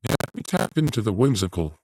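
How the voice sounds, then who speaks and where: A man hosting a comedy show, reacting to news and clips with deadpan, profane sarcasm. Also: fairly low pitch, fairly quick, very noisy. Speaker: show host.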